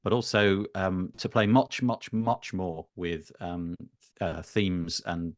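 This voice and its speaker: A man's voice: deep voice, steady tone, takes it slowly, no echo, clean studio sound. A middle-aged man chatting as a podcast guest, self-deprecating and hesitant, with many fillers. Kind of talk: casual interview chat.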